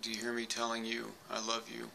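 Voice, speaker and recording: A man's voice: mid-range voice, completely flat delivery, brisk, creaky, pushed and bright, slight background noise. A man earnestly addressing his late mother during an EVP recording, apologizing and pleading for a response. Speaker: paranormal investigator.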